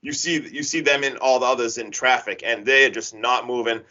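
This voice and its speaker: A man casually retelling a horror film's plot on a podcast, rambling and animated with lots of filler words. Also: mid-range voice, a little fast. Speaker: podcast co-host recapping a horror film. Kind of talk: casual chat. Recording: dull lo-fi podcast audio.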